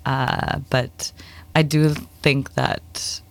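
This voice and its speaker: A woman's voice: very deep voice, steady tone, drawn-out words. A woman in casual conversation, talking loosely with many fillers and restarts. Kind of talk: casual chat.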